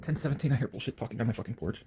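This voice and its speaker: A man ranting to the camera in a profane solo monologue, angry, swinging from low mutters to near-shouts. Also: very fast, slight background noise.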